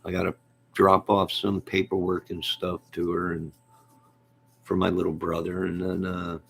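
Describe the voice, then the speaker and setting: Gravelly deep-voiced man chatting casually. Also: completely flat delivery, normal speed, a little hiss or hum. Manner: rambling, laughs often. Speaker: live stream host. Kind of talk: casual live chat reading viewer comments. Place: at home.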